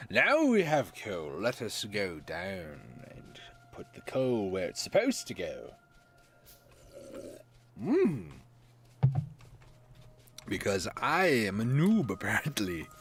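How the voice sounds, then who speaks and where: A man giving casual gameplay commentary, rambling and mocking himself, chuckling often. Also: lowish voice. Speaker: gaming YouTuber.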